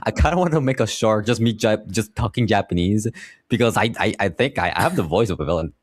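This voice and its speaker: A man's voice: on the low side, animated, fast, no room sound, clean studio sound. A young man chatting casually as a stream guest, joking crudely and often stumbling over repeated words. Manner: crude, joking, stammering restarts. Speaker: guest VTuber. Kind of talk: casual chat.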